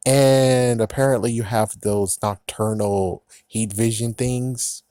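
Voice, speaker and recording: A man's voice: medium pitch, fairly even intonation, takes it slowly, few pauses, warm tone, smooth, no echo, clean studio sound. A man casually recapping and reviewing a TV episode, sarcastic and profane, often breaking into laughs.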